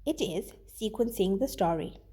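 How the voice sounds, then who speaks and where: A woman teacher reading a children's story aloud with expressive delivery, then giving her students a worksheet task. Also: mid-range voice, normal speed, slightly rough.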